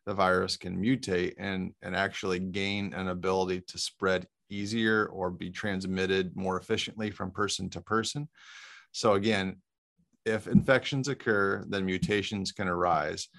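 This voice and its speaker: A man, a physician guest on a podcast, explaining in a measured way. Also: low-pitched, gravelly, a bit bright. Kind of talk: explanatory interview talk.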